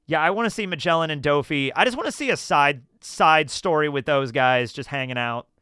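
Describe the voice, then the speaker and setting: Guy streamer just chatting, bright smooth voice, dry close mic. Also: on the high side, brisk, no room sound. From United States. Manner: rambling, animated storytelling with laughs. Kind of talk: casual live-stream chat.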